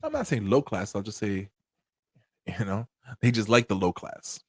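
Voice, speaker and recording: A man hosting a commentary channel, talking casually in an animated, profane way and often laughing. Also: lowish voice, moderate pace, no echo, studio quality.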